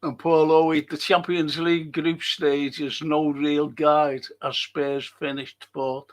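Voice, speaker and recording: A man's voice: a little high, flat delivery, takes it slowly. A middle-aged man hosting a casual live stream, reading out viewer comments, answering them and swearing now and then.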